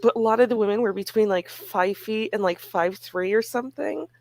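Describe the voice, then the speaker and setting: A woman chatting casually on a stream in a relaxed way, sharing facts and laughing easily. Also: mid-range voice, fairly quick, gravelly, dry recording. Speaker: webcomic co-creator streaming. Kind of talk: casual chat.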